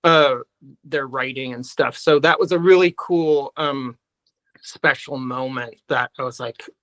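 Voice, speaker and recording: A man, a guest musician, answering in a halting way full of pauses and restarts. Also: medium pitch, fairly bright tone, no room sound, low-quality recording. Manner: halting, many fillers and restarts. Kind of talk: casual interview chat.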